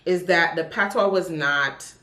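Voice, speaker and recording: A woman's voice: lowish voice, sharp tone. A woman from Jamaica with a Jamaican accent, reviewing books in a chatty, emphatic way. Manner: chatty and emphatic, with drawn-out stresses. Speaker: book vlogger. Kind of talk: casual book review. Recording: echoey room.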